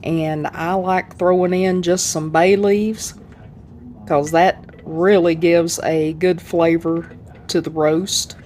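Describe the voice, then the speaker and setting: A woman hosting a home cooking channel shows off a dish in a casual, chatty, folksy demonstration. Her voice is fairly low with fairly even intonation, a slow pace, and a darkish tone. Slight background noise can be heard.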